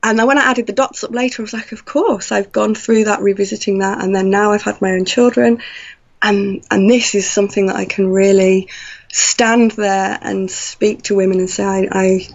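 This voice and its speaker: A woman telling a personal story in an animated way, acting out her own past thoughts. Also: medium pitch, moderate pace, gravelly. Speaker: guest. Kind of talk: conversational storytelling. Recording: slightly dull lo-fi audio.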